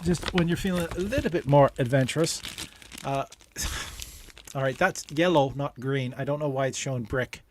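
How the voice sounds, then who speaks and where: A man hosts a relaxed livestream in a rambling, halting way. He cracks dad jokes and trips over his words. His voice sits in a mid range. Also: medium pitch, slight background noise. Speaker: livestream host. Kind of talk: casual livestream chat.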